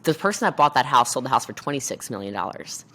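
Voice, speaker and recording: A woman guest on a podcast interview, talking fast and animated, acting out quoted voices. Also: extremely low pitch. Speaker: podcast guest, network marketer. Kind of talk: energetic interview talk.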